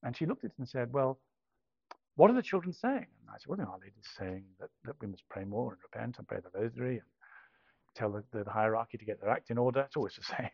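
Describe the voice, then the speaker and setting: A middle-aged man from England telling a personal story, halting and self-deprecating with many restarts. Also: medium pitch, gravelly, breathy edge, dry recording. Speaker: speaker telling a conversion story. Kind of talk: anecdotal storytelling talk. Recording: dull lo-fi dry recording.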